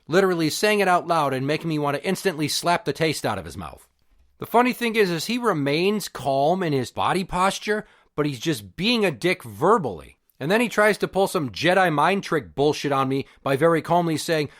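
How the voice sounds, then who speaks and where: A man's voice: on the high side, animated, fairly quick, fairly bright tone. A man hosting a podcast, telling a crude, sarcastic and exasperated rant about a pushy visitor. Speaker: podcast host. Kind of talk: profane storytelling rant.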